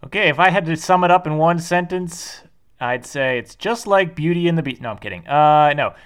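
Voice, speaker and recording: A man's voice: on the high side, expressive, fairly quick, clean tone, soft background music. Easygoing man co-hosting a podcast. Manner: easygoing, agreeable, hesitant with uhs. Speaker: podcast co-host. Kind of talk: casual chat.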